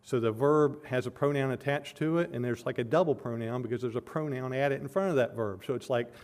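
A man's voice: mid-range voice, brisk, hardly any pauses, a little mellow. A man preaching an expository sermon, earnest and building to emphatic peaks as he explains a scripture passage verse by verse.

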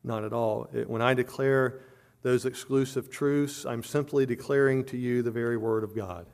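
A middle-aged man delivers a sermon in an earnest preaching manner. His pitch sits in an ordinary middle range for a man. He often stumbles into repeated words and climbs louder on his emphatic claims. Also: fairly even intonation, normal speed, clear, resonant tone. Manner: earnest preaching with frequent word repetitions and restarts; rises in pitch and volume on emphatic points. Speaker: pastor.

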